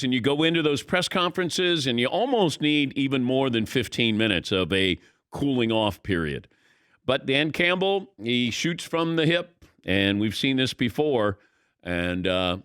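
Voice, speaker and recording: Animated man hosting sports radio. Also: medium pitch, smooth, dry recording, studio quality. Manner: animated, conversational, opinionated. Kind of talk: sports talk radio commentary.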